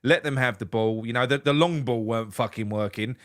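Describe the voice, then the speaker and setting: A man talks quickly and restlessly about the match. He repeats words as he gathers his thoughts and swears freely. He speaks in a middle-pitched voice. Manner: animated, swearing, repeats himself. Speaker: fan co-host. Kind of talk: casual football reaction chat.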